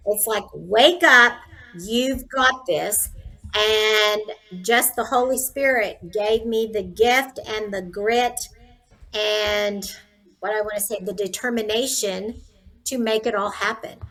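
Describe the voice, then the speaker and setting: A woman's voice: mid-range voice, fairly even intonation, measured pace, a bit bright, soft background music, poor audio. A woman in her sixties, a nurse turned entrepreneur, telling her story as an interview guest in an earnest, faith-filled, candid way. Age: 60s.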